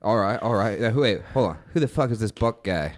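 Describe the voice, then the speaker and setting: Man as a low-voiced, lively, cursing farmhand gangster. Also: a little fast, lightly acted. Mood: mocking. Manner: profane, blustering, mocking. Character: foul-mouthed rural British gangster, pig farmer.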